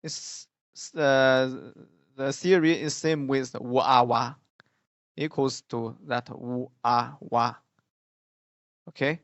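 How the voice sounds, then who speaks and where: Very slow-talking man teaching pinyin. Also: medium pitch, no echo, muffled recording. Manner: repeats syllables loudly, halting explanations with many fillers. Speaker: Mandarin teacher. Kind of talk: slow pinyin pronunciation lesson.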